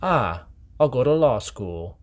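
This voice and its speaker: A man's voice: medium pitch, big pitch swings, takes it slowly. A man in his twenties delivering a comic monologue as a vlogger, playful, jokey and mock-serious.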